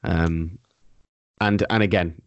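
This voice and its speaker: A man hosting a casual podcast, with a lowish voice and dry, close sound. He trades wry, sweary banter and runs the show. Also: steady tone, slow pace, no echo, lo-fi sound. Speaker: podcast host. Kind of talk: casual chat.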